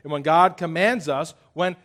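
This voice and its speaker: A man's voice: a little high, moderate pace. A man preaching a sermon, getting the congregation to repeat phrases and telling stories with playful exaggeration. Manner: lively preaching, audience call-and-response, playful exaggeration. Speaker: pastor.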